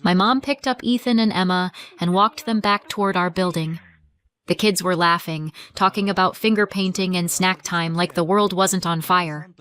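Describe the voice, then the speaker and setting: A woman narrating a scripted first-person family drama story in a measured, dramatic way. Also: mid-range voice, a bit bright, smooth.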